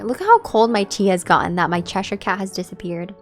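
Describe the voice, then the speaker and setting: A woman's voice: mid-range voice, lively intonation, fairly quick, few pauses, faint music behind. A woman streaming a game and chatting casually with her viewers, musing aloud. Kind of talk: casual gameplay commentary.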